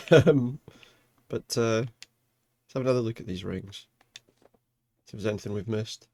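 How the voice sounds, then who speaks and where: A man chatting in a relaxed, rambling way as he streams a video game. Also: fairly low pitch, unhurried. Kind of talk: casual let's play commentary.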